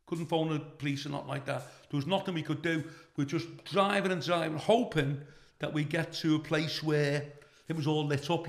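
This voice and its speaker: A brash older man with a Liverpool accent tells profane stories with lively energy. His voice is gravelly and fairly high, and it rings in an echoey room. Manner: brash, profane, animated anecdote-telling. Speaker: comedian, guest. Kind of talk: storytelling in a casual interview.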